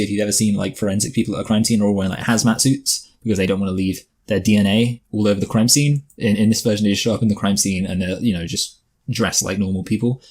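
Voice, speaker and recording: Low-voiced man in casual chat. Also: darkish tone, breathy edge. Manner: rambling, jokey, trails off and restarts. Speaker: podcast co-host.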